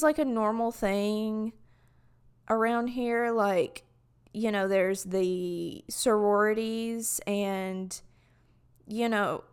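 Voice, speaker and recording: A woman's voice: medium pitch, clear, resonant tone. Rambling Southern-accented young woman. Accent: Southern US (Alabama). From Alabama, US. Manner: rambling, many "like" fillers and restarts. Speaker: vlogger. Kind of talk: casual talk to camera.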